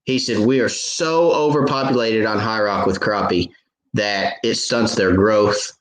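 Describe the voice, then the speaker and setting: Man, fishing show host, casual live Q&A, lower voice, echoey room. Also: a little slow. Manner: storytelling, animated retelling with many fillers and restarts. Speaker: fishing show host answering viewer questions.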